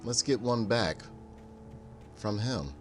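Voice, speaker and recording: A man streaming a game, joking and cursing in an animated, storytelling way. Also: lowish voice, slow pace, faint music behind. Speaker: gaming streamer. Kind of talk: casual let's-play commentary.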